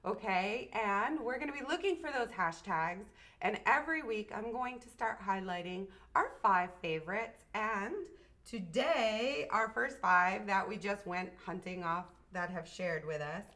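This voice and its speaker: Woman, show host, bubbly and chatty, bright clear voice. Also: mid-range voice, animated, measured pace. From Portland, Maine. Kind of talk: casual livestream chat.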